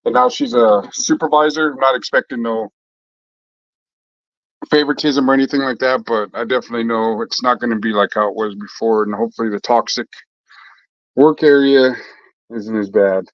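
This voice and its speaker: A man's voice: mid-range voice, steady tone, moderate pace, long pauses, no room sound. Man, casual vlog chat, rambling, swears a lot, lots of fillers, dry close sound, slightly muffled. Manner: loose and chatty, swears freely, many fillers and restarts. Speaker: vlogger chatting with viewers.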